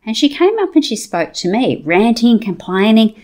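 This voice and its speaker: A woman's voice: a little high, sing-song, normal speed, a little mellow. A woman hosting a podcast, giving an encouraging motivational monologue full of rhetorical questions and personal stories. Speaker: podcast host.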